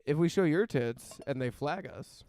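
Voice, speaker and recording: Canadian guy cohosting a late night call-in show, crude banter, kinda high voice. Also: expressive, moderate pace, a little mellow, clean tone. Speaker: co-host of a live call-in show. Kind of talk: casual live call-in chat.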